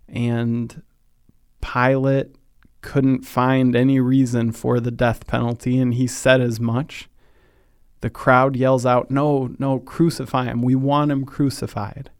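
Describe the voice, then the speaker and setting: A man talks through a faith podcast in a measured, reflective way. His delivery is slow and fairly flat in pitch, and it grows quieter on the solemn moments. The sound is dry and close, with no room echo. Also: clean tone. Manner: earnest, thoughtful, slows down on solemn points. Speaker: podcast host.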